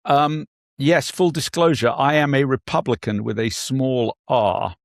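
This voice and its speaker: An English man co-hosting a chatty political podcast over a video call, with a wry, teasing delivery. His voice sits at an ordinary pitch for a man. The sound is dry and close, with no room echo. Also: a little slow, vocal fry. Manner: wry, joking, plummy banter. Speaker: podcast co-host. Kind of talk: casual political chat.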